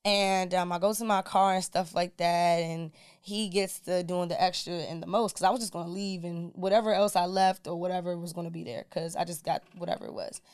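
A woman's voice: on the low side, fairly quick, clear, resonant tone, dry recording, clean studio sound. A woman guest on a podcast, telling a personal story in casual, colloquial speech and acting out what people said. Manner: animated, colloquial storyteller who acts out dialogue.

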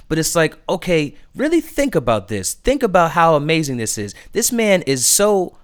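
Gushing, excitable male podcast host. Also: fairly high pitch, moderate pace, hardly any pauses, clean tone. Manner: excitable, gushing, many restarts. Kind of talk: casual music review chat.

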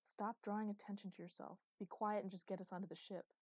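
A hard-nosed male cop snaps out orders in a brusque, commanding way, as a woman narrator puts him on. Her voice stays dark and mellow under the edge, and the recording is dry and close. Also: mid-range voice, steady tone, fast, no echo, close to an everyday voice. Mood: stern.

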